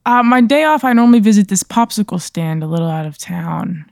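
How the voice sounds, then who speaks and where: Playful woman trading deadpan asides. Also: mid-range voice, fairly quick, vocal fry, no echo, studio quality. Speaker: podcast guest. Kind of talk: casual comedy chat.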